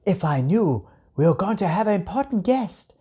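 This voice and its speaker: A woman voicing a graceful, gentle dragon queen who speaks softly in a storybook reading. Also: medium pitch, sing-song, moderate pace, breathy edge, voice pushed up. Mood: gracious.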